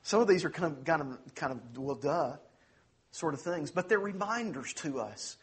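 A man preaching a sermon as pastor, earnest, slowing down on key phrases and speeding through asides. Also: a little high, expressive, breathy edge. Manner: earnest preaching, slows for emphasis, quick asides.

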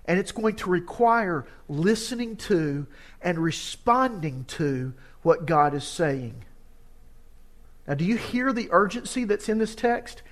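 Preacher, male, slightly high voice, earnest and urgent sermon delivery. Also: lively intonation, takes it slowly. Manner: earnest, urgent scripture reading.

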